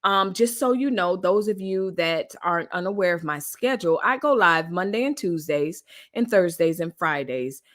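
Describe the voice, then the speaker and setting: Lady live streamer, casual chatty talk to viewers, a bit low voiced. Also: lively intonation, normal speed, hardly any pauses. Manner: chatty, colloquial, addresses viewers as y'all. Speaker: host of a live news commentary stream.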